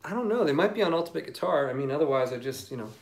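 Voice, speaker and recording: A man, a singer-songwriter, chatting casually on a livestream through a phone mic and reading viewer comments in a relaxed, rambling way with lots of ums. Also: fairly high pitch, racing, vocal fry.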